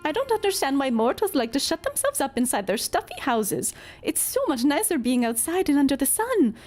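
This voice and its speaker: Lady doing a breezy game pixie, kinda high, a bit snooty about mortals. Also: big pitch swings, brisk, a little mellow, faint music behind. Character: carefree sun-loving pixie scornful of mortals.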